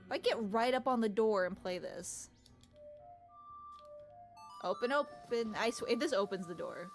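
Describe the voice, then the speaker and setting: A woman's voice: mid-range voice, a little fast, soft background music. A woman streaming a video game live, chatting casually, mocking herself and yelping at surprises.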